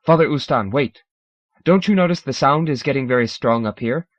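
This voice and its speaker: A man's voice: medium pitch, animated, a little fast, no echo, lightly acted. A male narrator voicing a female wind-dwelling alien who speaks urgently. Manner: urgent, pleading.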